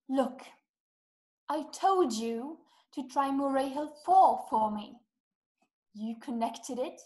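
A woman's voice: high-pitched, close to an everyday voice, low-quality recording. An actress playing a frantic, imperious wealthy woman who talks in an urgent, scolding way in an amateur video-call play.

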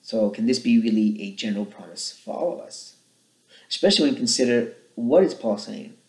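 An earnest man teaching on a Bible verse, speaking at an ordinary pitch. His voice rings a little in an echoey room. He explains the passage in a steady way and asks pointed questions about it. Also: fairly quick. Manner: earnest, rises in pitch and volume when reading scripture aloud. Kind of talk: short Bible teaching talk.

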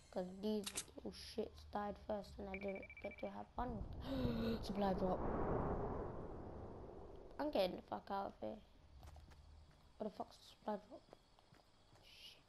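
A woman's voice: mid-range voice, expressive, a little slow, gravelly, long pauses, very noisy. A woman giving casual, muttered commentary while playing a game, swearing often. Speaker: gamer.

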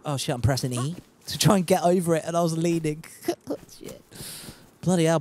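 A man's voice: on the high side, a little hiss or hum. Chatty, sweary man streaming a game. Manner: chatty and sweary, laughs at himself. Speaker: gaming streamer. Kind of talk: casual live-stream chat reading out viewer messages.

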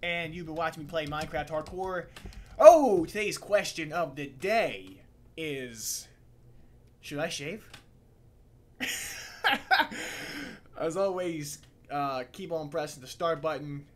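A man's voice: a little high, expressive, unhurried, a little mellow. A young American man, goofy and rambling, doing gameplay commentary for his channel and tossing off silly rhymes. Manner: goofy, rambling, rhyming asides. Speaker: gaming channel host. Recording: game music underneath. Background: background game music.

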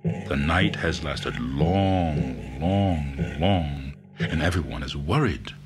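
A man voicing a stern male lion king in a storybook tale, speaking slowly and gravely. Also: extremely low pitch, lively intonation, loud music behind the voice, voice pushed down, full character voice. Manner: slow, grave, drawn out.

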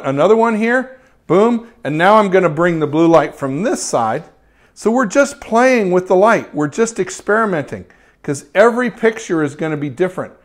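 Upbeat higher-voiced man teaching live. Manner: upbeat and chatty, lots of praise words. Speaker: photography teacher hosting a live stream. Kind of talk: live demo, talking while working.

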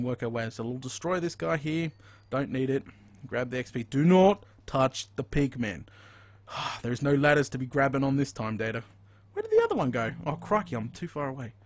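A man with an Australian accent giving live, chatty commentary as he plays a video game and thinks out loud. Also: medium pitch, no echo. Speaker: gaming streamer.

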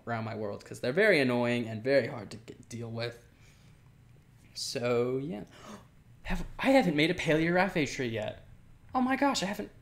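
A man casually commenting while playing a building game, rambling, laughing often and talking to the animals on screen. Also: medium pitch. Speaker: Minecraft let's player.

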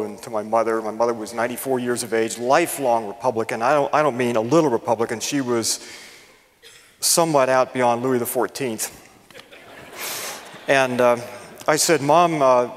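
An older man gives a public lecture in a large hall, and his voice rings with a long reverb. He speaks at a middle pitch with a folksy, self-deprecating humor. His talk is full of ums and uhs as he builds his stories. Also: steady tone, moderate pace. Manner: folksy, self-deprecating storyteller with many fillers. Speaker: guest lecturer.

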